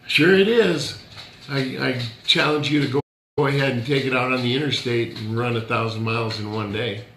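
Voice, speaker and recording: A man's voice: mid-range voice, flat delivery, a little fast, pushed and bright, echoey room, a little hiss or hum. A male pastor giving a conversational sermon, joking and challenging his listeners directly.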